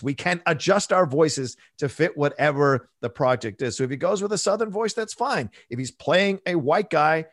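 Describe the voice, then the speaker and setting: A man's voice: fairly high pitch, lively intonation, normal speed, hardly any pauses, dry recording, clean studio sound. A man guest on a film podcast, talking with passion and emphasis. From Latino (US). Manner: passionate, emphatic, preachy asides. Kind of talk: casual podcast chat.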